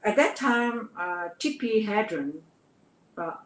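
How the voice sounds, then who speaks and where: An older woman from Vietnam with a Vietnamese accent, a guest telling her life story in an interview, earnest and halting, often repeating words. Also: mid-range voice, animated, fairly bright tone. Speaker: guest, actress. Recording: roomy echo.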